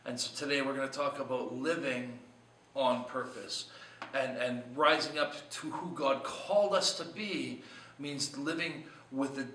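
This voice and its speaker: A man's voice: mid-range voice, fairly even intonation, unhurried, bright, forceful tone, roomy sound, distant mic, slight background noise, rough recording. A man preaching a short devotional sermon in an earnest, conversational way, asking his listeners many questions. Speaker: pastor.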